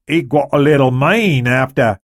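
An actor playing a worn-out young woman club worker, speaking flat and slow. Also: medium pitch, dry recording, clean studio sound, pitched above the performer's own voice, lightly acted. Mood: weary.

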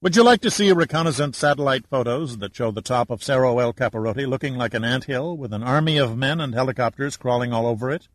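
A man's voice: mid-range voice, quick pace, hardly any pauses, no echo, close to an everyday voice, rough recording. A blunt official, as a man acts him out, pressing his point with raised energy. The reading is close and dry. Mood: challenging. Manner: pointed, challenging.

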